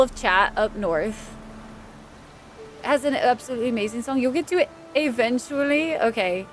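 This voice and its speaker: Her voice is on the high side and her pace moderate as she chats with viewers during a game. She thanks people by name and laughs readily, while game music plays faintly.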